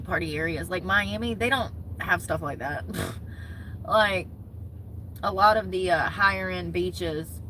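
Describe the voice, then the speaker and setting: Young woman, casual vlog chat, gossipy, bright forceful voice, faint background hiss. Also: on the low side, low-quality recording. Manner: chatty, gossipy, talks with her hands in words like "y'all" and "homegirl". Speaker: vlogger.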